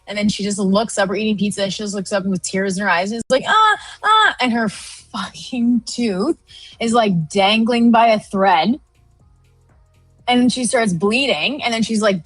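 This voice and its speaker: A woman's voice: medium pitch, no room sound. Chatty woman telling a funny story. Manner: chatty storyteller, animated quoted voices. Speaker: co-host of a live trading stream. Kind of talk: casual chat.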